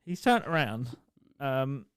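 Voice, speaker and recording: A man's voice: mid-range voice, very animated, slow, clear, resonant tone, no echo. A young man co-hosting a podcast, telling stories in a loose, swearing, laugh-prone way. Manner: swears, laughs through his own stories. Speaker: podcast co-host. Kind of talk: casual storytelling chat.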